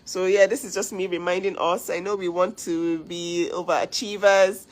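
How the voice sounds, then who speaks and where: A woman's voice: on the low side, fairly even intonation, normal speed, low-quality recording. A woman hosting a casual livestream, talking earnestly to viewers, giving advice and thanking them. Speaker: livestream host.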